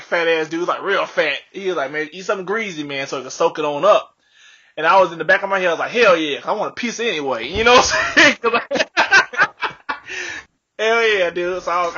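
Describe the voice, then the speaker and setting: A young man casually telling a profane, animated story on a podcast, laughing often. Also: a little high. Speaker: podcast co-host. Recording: dull lo-fi podcast audio.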